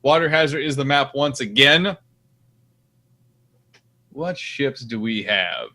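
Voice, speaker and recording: A man co-hosting a casual livestream, joking around and making quick announcer-like asides. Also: medium pitch, expressive, bright, forceful tone. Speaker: co-host.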